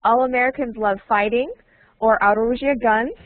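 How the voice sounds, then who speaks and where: On a tinny video-call line through a computer mic, a woman with a fairly high voice speaks at normal speed. She's leading a small group's online English class, laughing a lot while patiently repeating and modeling phrases.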